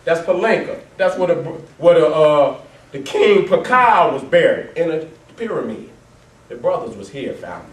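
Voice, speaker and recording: A man telling his life story to a live audience over photos, swearing heavily, laughing often and swinging between loud bursts and low, quiet stretches. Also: big pitch swings, normal speed. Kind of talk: profane, animated storytelling talk to a live audience. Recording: roomy, distant mic, faint background noise.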